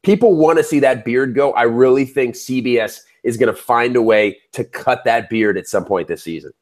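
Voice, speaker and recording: A man's voice: mid-range voice, normal speed. Jokey young man co-hosting a recap. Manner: animated, jokey, asks questions. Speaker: co-host, superfan. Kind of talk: casual recap chat.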